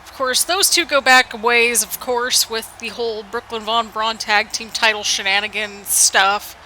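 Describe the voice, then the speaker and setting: A woman's voice: on the high side, steady tone, unhurried, pushed and bright, slight background noise, rough recording. A woman casually commenting play-by-play over a video game at home, rambling and poking fun at her own slip-ups. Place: home apartment.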